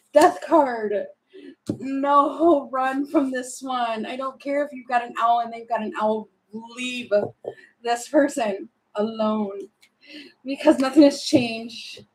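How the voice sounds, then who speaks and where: A woman's voice: high voice, takes it slowly, darkish tone, rough recording. A woman doing a casual tarot reading to camera at home, chatty and laughing, talking to herself between cards. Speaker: tarot reader.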